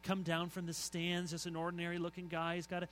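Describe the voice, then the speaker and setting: Bright-voiced man preaching with loud emphases. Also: high voice, monotone, fast talker, a little hiss or hum, poor audio. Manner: storytelling, swings from soft to loud emphasis. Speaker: pastor. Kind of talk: sermon.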